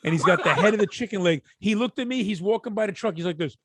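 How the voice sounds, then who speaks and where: A laid-back man tells a story in loose, profane podcast banter. His voice sits slightly high, and the sound is close and dry. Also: fast talker, fairly bright tone, dry recording. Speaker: podcast co-host. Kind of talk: casual chat.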